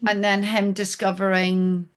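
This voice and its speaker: A woman's voice: mid-range voice, completely flat delivery, unhurried. Chatty woman podcast co-host. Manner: chatty, musing aloud. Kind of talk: casual chat.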